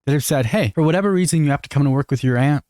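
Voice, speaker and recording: A man's voice: fairly high pitch, rapid-fire, mellow, no echo. An American man giving earnest, opinionated reaction commentary, talking straight to his viewers. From United States. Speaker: commentary youtuber.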